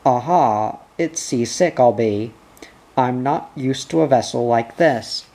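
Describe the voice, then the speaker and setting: A man's voice: mid-range voice, slow pace, mellow. A man reading the part of a doubtful young lad worried about seasickness.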